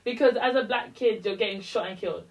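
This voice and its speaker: A woman's voice: medium pitch, fast, far from the mic, dull audio. Impassioned young woman, slightly off-mic. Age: young adult. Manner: impassioned, rising to a heated rant. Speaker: podcast co-host. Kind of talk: casual chat.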